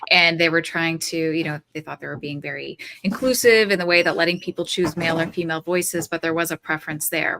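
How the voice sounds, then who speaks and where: A woman's voice: low voice, fairly bright tone, slight background noise. A woman panelist on a video call, speaking thoughtfully and raising open questions.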